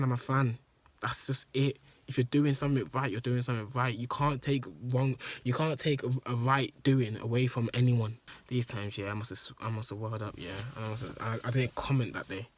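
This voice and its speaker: A man's voice: medium pitch, fairly even intonation, fairly quick, no echo. A man telling an emotional story in a rambling, profane monologue that repeats itself. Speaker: vlogger.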